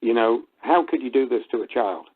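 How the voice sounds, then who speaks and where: A man's voice: medium pitch, animated, brisk, breathy edge. Earnest male caller on a phone line. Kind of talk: call-in radio talk.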